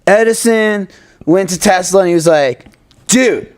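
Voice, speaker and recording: A man's voice: high voice, moderate pace, clean tone. A man co-hosting a podcast, telling stories in a casual chat, swearing often and acting out other people's lines. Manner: animated storyteller, swears often, acts out others. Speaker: podcast co-host. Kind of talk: casual chat with put-on voices in quotes.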